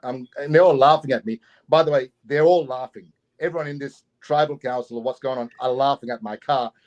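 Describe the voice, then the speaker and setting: A middle-aged Australian man from Queensland, telling a story as an interview guest in a casual, lively way and acting out the people in it. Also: medium pitch, brisk, dull audio. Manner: animated, laughing, acts out the people in his story.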